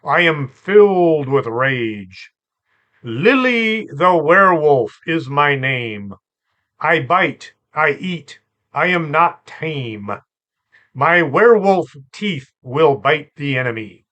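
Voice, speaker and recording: A man's voice: on the high side, animated, takes it slowly, bright, forceful tone, highs cut off, full character voice. A man voicing a fierce female radio propagandist boasting of savagery, reading the lines plainly without an accent. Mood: boastful.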